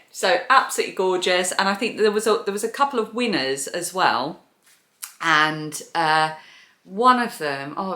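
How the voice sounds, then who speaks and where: A woman's voice: lowish voice, pushed and bright. A woman hosting a crochet and knitting podcast. She chats casually while showing yarn and laughs at her own poor memory. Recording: echoey room.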